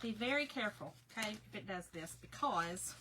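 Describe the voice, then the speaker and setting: A woman's voice: medium pitch, lively intonation, fairly quick, noisy background. A woman, chatting casually to viewers in her own folksy, talkative way while she works on a craft project. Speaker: craft livestream host.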